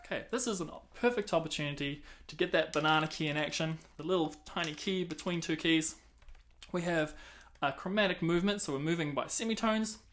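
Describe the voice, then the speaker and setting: A man's voice: fairly high pitch, brisk, a bit bright. A man teaching clarinet, counting and singing rhythms aloud between casual explanations. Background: clarinet playing between talk.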